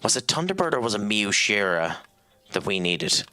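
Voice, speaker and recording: A man's voice: lowish voice, big pitch swings, moderate pace, pushed and bright, faint music behind. An Irish man streaming a game, talking casually and rambling with lots of ums and restarts while he chats with his viewers. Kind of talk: casual gameplay commentary and chat reading.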